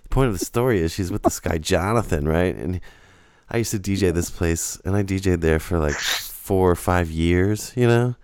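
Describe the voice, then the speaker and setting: A man with a lowish voice telling a rambling story on a podcast, casual and full of swearing, laughing as he goes. The sound is dry and close, with no room around it. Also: moderate pace, smooth, no room sound. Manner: profane, rambling and animated, with frequent laughter. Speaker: podcast co-host.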